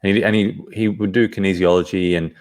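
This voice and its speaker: Deep-voiced man telling a story. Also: fairly even intonation, a little mellow. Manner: earnest, halting, restarts phrases often. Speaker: podcast guest. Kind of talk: personal storytelling in conversation.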